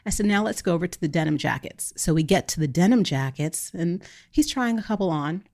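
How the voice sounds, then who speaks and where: A woman in her thirties, co-hosting a podcast, telling a family story in a casual, animated way and acting out the quoted lines. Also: lowish voice, a little fast. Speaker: podcast co-host.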